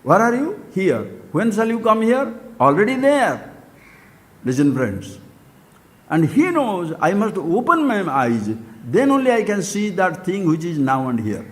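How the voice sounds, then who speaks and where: An older Indian man gives a spiritual talk in a voice that sits high and leaps all over its range. He swings between loud animated questions and hushed asides. A long reverb from the hall trails behind every phrase. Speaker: spiritual teacher.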